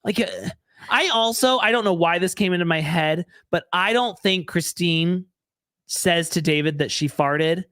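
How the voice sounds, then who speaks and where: A woman's voice: lowish voice, a little slow, a bit bright, no echo, studio quality. A woman co-hosting a podcast, chatting casually and bluntly about a reality show, swearing and mimicking the cast. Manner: blunt, profane, mocking impressions. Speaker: podcast co-host. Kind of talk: casual reality-TV recap chat.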